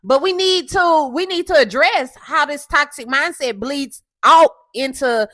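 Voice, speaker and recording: Woman host, coarse and assertive, talks loud in a dry booth. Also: high-pitched, a little slow, no room sound. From Houston, Texas. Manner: loud, assertive, keeps asking "okay?". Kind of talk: casual commentary monologue.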